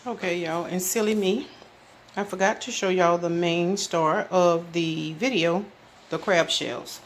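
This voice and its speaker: A woman's voice: fairly low pitch, fairly even intonation, unhurried. A woman, chatting folksily to viewers as she demonstrates a recipe in her small home kitchen, filming it herself. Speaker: cooking channel host. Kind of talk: casual cooking demonstration. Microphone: camera mic, filming alone. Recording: echoey kitchen with background noise.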